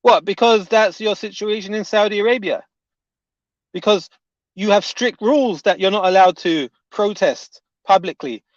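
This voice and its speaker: A man's voice: high voice, moderate pace, no echo. A man delivering a heated, indignant reaction rant as an online commentator, often repeating his points. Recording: dull, dry lo-fi audio.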